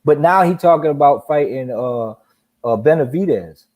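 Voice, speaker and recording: A young man hosting a loose boxing chat, his voice sitting a little higher than most men's. He talks in an animated, profane way and slips into mocking impressions of others. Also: normal speed. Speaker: podcast host.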